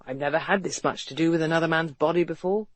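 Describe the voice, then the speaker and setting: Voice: medium pitch, fast talker, no room sound, close to an everyday voice. A narrator voicing a wry young man who chatters on in light, mock-cheerful banter. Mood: teasing.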